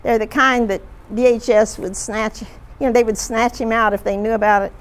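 A woman leading a group discussion, retelling stories in a chatty, halting way with frequent fillers. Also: a little high, steady tone. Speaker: discussion leader.

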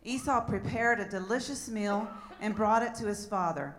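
Relaxed woman preaching a sermon. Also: medium pitch, normal speed, a little hiss or hum. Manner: relaxed, laughs at her own slips. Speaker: pastor. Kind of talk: sermon with Bible reading.

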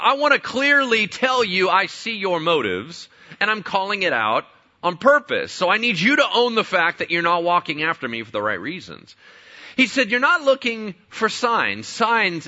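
A man's voice: sits high, bright, forceful tone, lo-fi sound. A man preaching a sermon as pastor, conversational, with rhetorical questions and playful asides.

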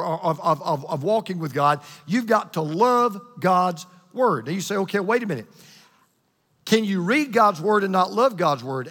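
A man preaching a sermon to a congregation, with an emphatic, repetitive cadence that slows down for key lines. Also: high-pitched, fairly bright tone, in a large hall. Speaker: pastor. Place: church hall with congregation.

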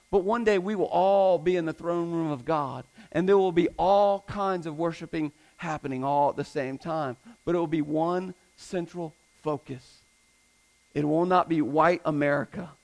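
Preaching with emphasis, this male pastor repeats key phrases and fires pointed questions at his congregation. His sermon voice is high-pitched with a gravelly edge, and the recording is rough.

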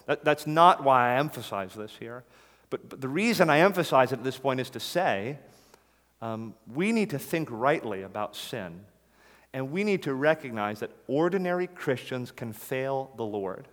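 A man preaching a sermon in an earnest, emphatic way, repeating his key phrases. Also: medium pitch. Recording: long hall reverb.

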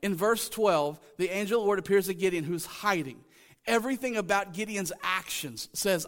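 A man's voice: sits high, moderate pace. A male pastor preaching a sermon, emphatic and repeating his key lines to the congregation.

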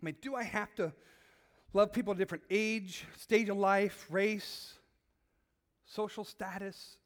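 A man's voice: sits high, fairly even intonation, measured pace. A middle-aged man preaching a conversational sermon, repeating words and asking his listeners questions. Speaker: pastor.

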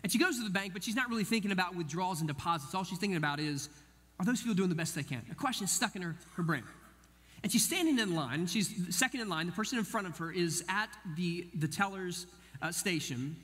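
A man with a fairly high voice preaches a sermon, telling a story in an animated way and acting out each person he quotes. His voice carries a long reverb, as if it is filling a church hall. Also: fast. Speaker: pastor.

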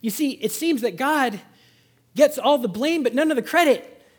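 A man preaching a Sunday sermon as a pastor, swinging between loud exhortation and hushed, intimate emphasis. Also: very high-pitched, animated, normal speed. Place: church service.

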